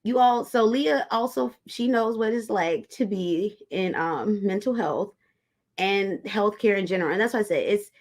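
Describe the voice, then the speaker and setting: A woman's voice: medium pitch, normal speed. A woman hosting a tarot livestream, chatting casually with her viewers and calling them y'all. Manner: chatty, talks straight to viewers as y'all, reads comments aloud.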